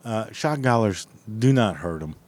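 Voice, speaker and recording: Man, blunt and profane, rambling casual story, low voice, dry close sound. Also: lively intonation, moderate pace, a little mellow, dry recording.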